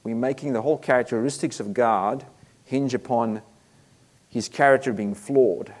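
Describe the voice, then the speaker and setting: A man's voice: medium pitch, moderate pace. A man preaching a sermon, earnest and emphatic, reading Bible verses aloud between points.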